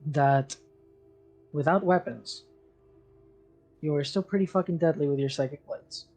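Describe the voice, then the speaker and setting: Casting: unhurried game master, a man with a higher voice, faint music behind. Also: a little mellow. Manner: slow, loose narration with many fillers and restarts. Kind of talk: narrating a tabletop game.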